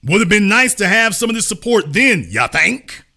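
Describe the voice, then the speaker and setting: A middle-aged man delivers a live-streamed commentary monologue in a high, bright voice. His pitch swings widely as he hammers points home with preacher-like repetition and the odd curse word. The delivery is emphatic and driving. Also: very animated, normal speed, vocal fry. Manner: swears for emphasis. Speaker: host.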